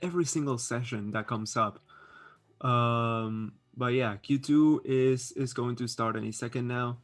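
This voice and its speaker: A man's voice: medium pitch, unhurried. A man hosting a live stream, reading chat aloud and chatting casually; English is not his first language, and he talks with many fillers and restarts. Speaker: livestream host reading chat.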